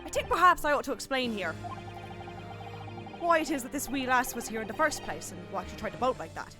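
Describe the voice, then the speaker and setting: A woman's voice: high voice, animated, brisk, pitched above the performer's own voice. A woman voicing a jovial middle-aged Irish man in a lilting put-on accent, reading game dialogue on a stream. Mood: earnest. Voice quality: lilting, folksy turns of phrase. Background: background music.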